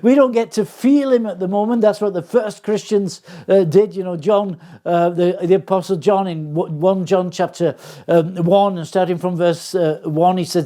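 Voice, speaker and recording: An older man preaching a sermon in an earnest, unhurried way, often restarting his phrases. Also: high-pitched, mellow. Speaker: pastor.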